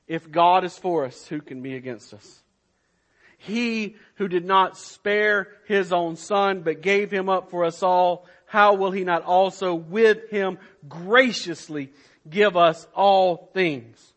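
A man preaching a sermon to his church, slow and emphatic, swelling and dropping in loudness. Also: high-pitched. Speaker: pastor.

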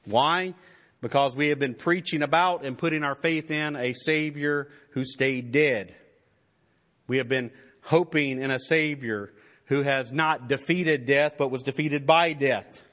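A man's voice: mid-range voice, measured pace, a bit bright. A man preaching a sermon as pastor, in an emphatic style that builds to stressed declarations.

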